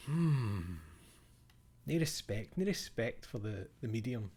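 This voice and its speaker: A man's voice: mid-range voice, animated, slow, dark tone. Chatty male streamer at a desk mic. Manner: chatty, reads out viewer names. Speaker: live streamer. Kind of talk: casual live-stream chat. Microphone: desk microphone.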